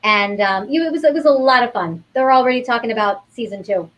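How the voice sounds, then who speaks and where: A woman's voice: a little high, quick pace, fairly bright tone, poor audio. A woman from New York, an actress, chatting upbeat as an interview guest. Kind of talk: casual interview talk.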